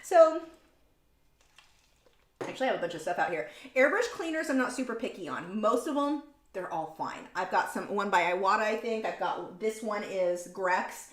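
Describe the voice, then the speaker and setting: A woman's voice: medium pitch, animated, normal speed. A woman hosting a casual painting livestream, chatting in a rambling way and correcting herself mid-sentence. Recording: roomy room sound.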